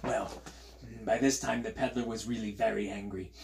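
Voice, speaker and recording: A man's voice: lowish voice, steady tone, moderate pace, vocal fry, background noise. A male teacher reading a picture book aloud to children in a playful, chatty way and inviting them to join in. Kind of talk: storytime read-aloud for children.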